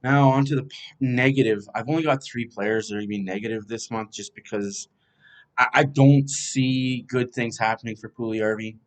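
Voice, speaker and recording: A man's voice: medium pitch, steady tone, moderate pace. Man casually previewing a hockey schedule. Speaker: fan podcast host.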